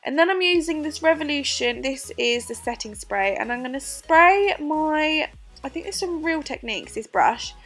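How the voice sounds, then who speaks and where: A woman's voice: sits high, lively intonation, moderate pace, fairly bright tone. A young woman talking through a makeup tutorial in a chatty, giggly, self-mocking way. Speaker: beauty vlogger. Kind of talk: casual makeup tutorial voice-over.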